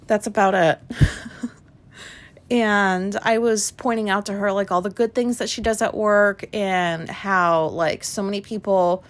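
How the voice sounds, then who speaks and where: A woman hosting a solo podcast, talking frankly and questioning herself, swearing freely and filling pauses with likes and ums. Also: mid-range voice. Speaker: podcast host. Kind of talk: candid solo podcast monologue.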